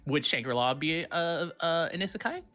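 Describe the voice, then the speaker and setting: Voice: medium pitch, big pitch swings, a little fast, bright, forceful tone, soft background music. A streaming talk show host explaining personal definitions in a playful, opinionated way. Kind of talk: casual streamed chat.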